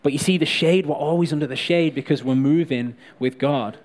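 A man's voice: a little high, fairly quick, a little mellow. Chatty man preaching with jokes. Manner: chatty, joking, addresses the crowd directly. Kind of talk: sermon with live props and volunteers.

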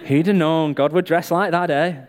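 His voice is fairly high and steady, at a moderate pace, as he gives a sermon using live props and volunteers. He keeps it chatty and full of jokes, addressing the crowd directly and calling people up to help.

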